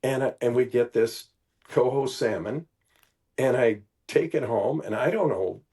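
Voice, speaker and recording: An older man from Milwaukee, telling stories as a podcast guest in an animated, casual way, peppered with "you know". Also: medium pitch, measured pace, breathy edge. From Milwaukee, Wisconsin. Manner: animated, acts out quoted voices, many "you know"s. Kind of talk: casual storytelling.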